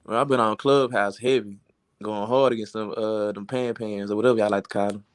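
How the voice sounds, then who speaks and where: A man's voice: on the low side, fairly even intonation, fairly quick, clear, resonant tone. A man from Texas, a guest on a casual panel, telling stories in a laid-back way.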